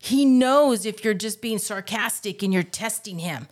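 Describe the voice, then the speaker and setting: A woman's voice: medium pitch, expressive, a little slow. A woman co-hosting a faith podcast, earnestly telling a personal testimony and urging listeners, with emotion coming through. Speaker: podcast co-host.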